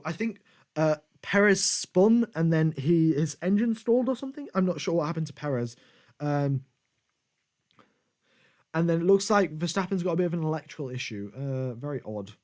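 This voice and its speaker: Man, slightly high voice, casual live-stream race commentary, rambling and conversational. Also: darkish tone. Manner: rambling and conversational, thanking viewers.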